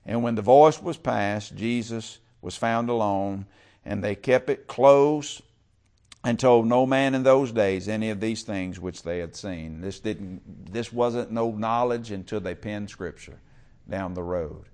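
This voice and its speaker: A man preaching a sermon in church, talking with the congregation and swinging from loud, stretched-out calls to quiet whispers. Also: fairly low pitch, measured pace. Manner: talks with the congregation, calls for amen and uses y'all. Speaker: pastor.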